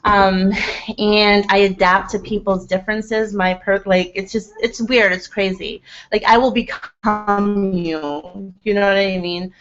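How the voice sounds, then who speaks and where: A woman's voice: medium pitch, steady tone, a little slow, over music. A woman hosting a casual livestream hangout, rambling and chatting with her viewers, laughing often and using lots of "like" fillers. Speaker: livestream host. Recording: slightly dull lo-fi webcam audio.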